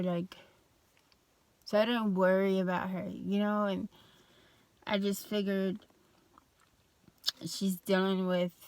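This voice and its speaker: A woman's voice: mid-range voice, clear, resonant tone, no echo. A young adult woman telling a personal story in a casual vlog, loose and full of fillers and restarts. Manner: slow, even, flat delivery. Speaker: vlogger.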